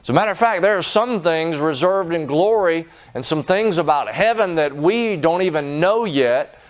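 A middle-aged male pastor preaching with earnest conviction, his voice smooth and resonant. He sits a touch higher than most men and climbs higher still when he drives a point home. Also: animated, normal speed. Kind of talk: sermon.

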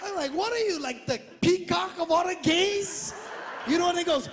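A middle-aged man from Hawaii, speaking English with a Hawaiian Pidgin accent, doing an animated stand-up comedy routine full of shouted punchlines and acted-out voices. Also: very high voice, normal speed. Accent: Hawaiian Pidgin-tinged English. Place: large theater stage. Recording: live theater with echo, crowd laughter and noise. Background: audience laughing.

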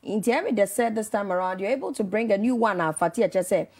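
A woman's voice: medium pitch, quick pace, darkish tone. A Ghanaian woman with a Ghanaian accent hosting a casual morning show interview, mixing Twi and English with many hesitant fillers. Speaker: radio show host.

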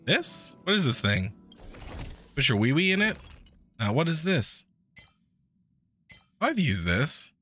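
A man's voice: fairly high pitch, sing-song, slow pace, long pauses, bright, forceful tone, faint music behind. A man streaming a video game in a casual, sarcastic way, swearing and joking as he reacts to what happens. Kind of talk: casual gameplay commentary.

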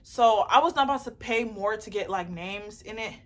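A young woman chatting casually in an unboxing vlog, excitable and rambling as she talks about her beauty business, recorded on a phone. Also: medium pitch, moderate pace. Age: young adult. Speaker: beauty entrepreneur and vlogger. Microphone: phone camera mic.

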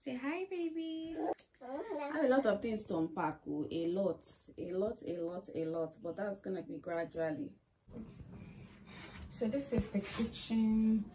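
A woman's voice: medium pitch, expressive, unhurried, background noise. A woman, chatting casually and laughing often in a vlog recorded on her phone. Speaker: vlogger. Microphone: phone held while vlogging.

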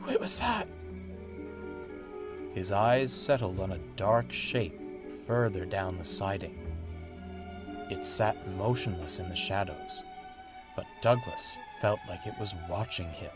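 A man narrating a read-aloud story in a measured, expressive way. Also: deep voice. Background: music.

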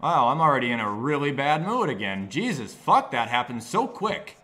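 A young man commentating his own football video game, ranting and yelling at the plays. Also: mid-range voice, big pitch swings, normal speed. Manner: glum, subdued wrap-up talk to viewers. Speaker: gaming video creator. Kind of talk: live gameplay commentary.

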